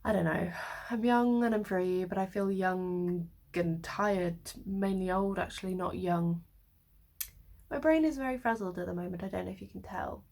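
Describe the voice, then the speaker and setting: A woman's voice: mid-range voice, normal speed, gravelly, darkish tone. A woman in her twenties chatting to camera in her bedroom, rambling along with wry, self-mocking asides. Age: 20s. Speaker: vlogger. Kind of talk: casual chat to camera. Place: her bedroom, sitting on the floor.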